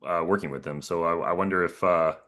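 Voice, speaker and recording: A man on a video call panel explaining a tool in a casual, halting way, often repeating words and chuckling. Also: deep voice, steady tone, a bit bright. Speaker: panelist and professor.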